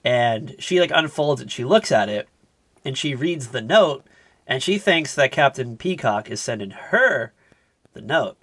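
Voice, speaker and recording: A young man co-hosting a podcast, casually retelling a sitcom episode with lots of fillers and animated asides. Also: mid-range voice, measured pace, dry recording. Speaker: podcast co-host. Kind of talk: casual recap chat.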